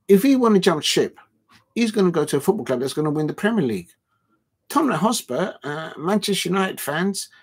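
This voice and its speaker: A man's voice: on the high side, slightly rough. A man hosting a live football watch-along, bantering with his viewers, rambling with lots of fillers and restarts, and his voice jumps up whenever he protests. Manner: animated football banter, voice jumping up when protesting. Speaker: livestream watch-along host. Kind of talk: casual livestream chat reading out viewer comments.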